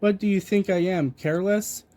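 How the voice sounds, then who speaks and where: A storybook reader plays a bumbling, good-hearted cartoon starfish, big and clumsy and not too bright. The voice is mellow and a little raised, slow and simple. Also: male voice, sits high, steady tone, voice pushed up, close to an everyday voice. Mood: goofy.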